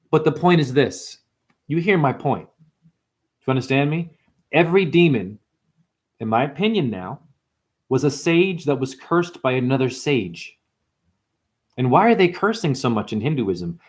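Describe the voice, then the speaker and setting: A man giving an intense, profane spiritual sermon to camera, firing rhetorical questions at the viewer. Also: on the high side. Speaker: spiritual teacher. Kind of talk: unscripted preaching monologue.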